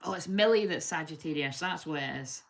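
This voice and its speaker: A woman giving a casual, rambling tarot reading full of lively chatty asides. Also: sits low, fairly quick. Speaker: tarot reader.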